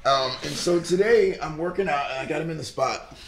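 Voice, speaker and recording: A man hosting a talk show and telling a lively story about his children, acting out each person and growing loud as it builds. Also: on the high side, a little fast, a crowd in the background. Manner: animated, acts out each person in the story and rises to near-shouting. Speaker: show host and father.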